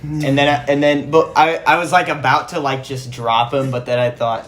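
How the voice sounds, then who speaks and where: A man playing a tabletop game, describing his character's actions in halting bursts with many restarts. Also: mid-range voice, level tone, a bit bright, a little hiss or hum. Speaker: player. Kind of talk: casual tabletop role-play.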